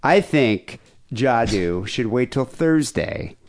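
A man's voice: medium pitch, expressive, takes it slowly. A man co-hosting a podcast, chatting casually and rambling a little, often repeating words and laughing. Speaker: podcast co-host. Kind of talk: casual chat.

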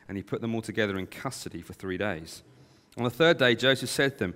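A man reads scripture aloud in a low voice, plain and measured, now and then correcting himself. His voice carries a long reverb, as if he is reading in a hall. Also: fairly bright tone. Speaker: scripture reader.

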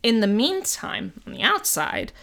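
A woman hosting a podcast tells a story in a loose, chatty way. Her voice swings a lot in pitch and sits a touch high. It has a clear, bright edge, and she slips quoted lines and asides into the telling. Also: measured pace. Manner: conversational, acts out quotes with lively asides. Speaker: podcast host.

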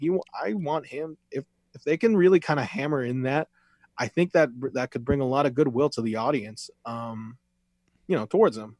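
A man's voice: medium pitch, a little mellow, no room sound. A man co-hosting a podcast, chatting casually and rambling with lots of fillers and offhand swearing. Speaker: podcast co-host recapping wrestling. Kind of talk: casual chat.

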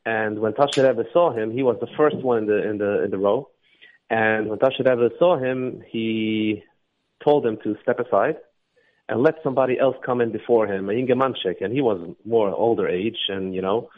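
A man's voice: on the low side, normal speed, phone-quality sound. A man who is a guest singer on a radio interview, telling a story with animation and acting out the quotes. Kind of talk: casual radio interview chat.

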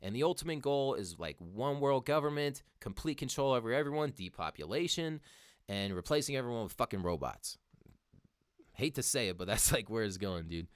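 A man's voice: medium pitch, expressive, fairly quick, clean tone, no room sound, studio quality. A young man hosting a casual show, ranting heatedly with lots of swearing and calling listeners "dude". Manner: heated, profane, says "dude" a lot. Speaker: podcast host. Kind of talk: casual profane monologue, reading articles aloud.

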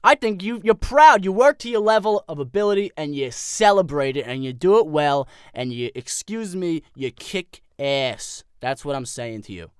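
A man's voice: on the high side, lively intonation, normal speed, hardly any pauses, clear, resonant tone, no echo, studio quality, natural voice. A man playing a ranting hot-headed pundit. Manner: ranting, easily worked up. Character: blustery hot-headed male political pundit. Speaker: co-host of a parody political podcast.

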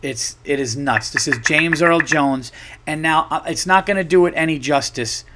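A man's voice: on the high side, normal speed, noisy background. A man hosting a podcast, telling a rambling, profane story in a casual way and acting out his own quotes. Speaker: podcast host.

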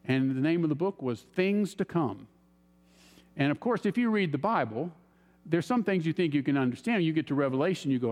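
Guy preaching, kinda high voice, big echoey church hall, tells stories w/ lots of jumps in his voice. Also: fairly quick, soft background music. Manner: animated storyteller, voices his own inner reactions. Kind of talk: sermon storytelling. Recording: long hall reverb.

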